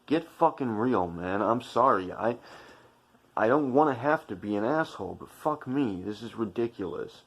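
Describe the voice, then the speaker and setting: Man, deep voice, angry profane commentary rant, lecturing viewers. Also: animated, normal speed, fairly bright tone. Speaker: channel commentator. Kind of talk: heated opinion monologue.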